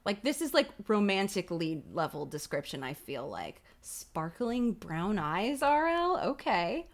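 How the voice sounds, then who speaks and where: This livestream host reads a kids' horror book out loud, adding giggly banter and offhand cursing, speaking into a streaming microphone at home. She has a mid-range, sing-song voice and keeps a measured pace.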